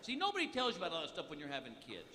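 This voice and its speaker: A middle-aged man doing a live stand-up routine, telling exasperated family stories broken by high yelping outbursts. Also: huge pitch swings, very fast, heavy background noise. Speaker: stand-up comedian. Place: large theater stage before a live audience. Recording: echoey hall, loud audience laughter. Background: loud crowd laughter and applause.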